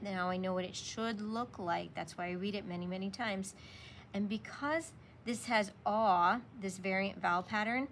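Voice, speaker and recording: A woman's voice: medium pitch, a bit bright, a little hiss or hum. A woman teacher walking young children through a spelling lesson, patiently sounding out letters and sounds.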